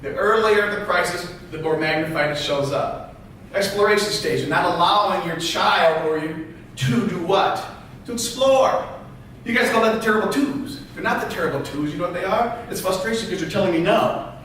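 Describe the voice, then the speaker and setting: A man giving a motivational talk as a therapist, animated, firing rhetorical questions at the audience. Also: high-pitched, moderate pace, a little hiss or hum. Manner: animated, acts out quoted voices, fires rhetorical questions. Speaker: therapist and public speaker. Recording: echoey hall, voice from far off.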